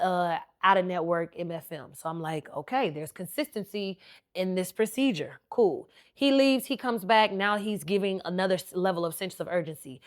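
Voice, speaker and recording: Chatty woman telling a personal story. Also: lowish voice. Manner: animated, talkative storyteller who acts out quotes. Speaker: podcast host.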